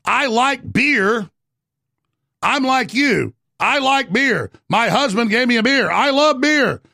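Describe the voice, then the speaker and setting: A man's voice: extremely high pitch, expressive, slow, vocal fry, pushed and bright, no echo, studio quality, pitched above the performer's own voice, exaggerated voice. A man putting on a mocking impression of a woman politician, in a sing-song voice.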